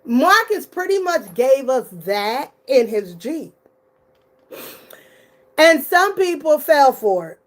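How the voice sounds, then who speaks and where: Animated, profane woman commentator. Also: high voice, takes it slowly, pauses often. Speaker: commentary YouTuber. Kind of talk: casual commentary.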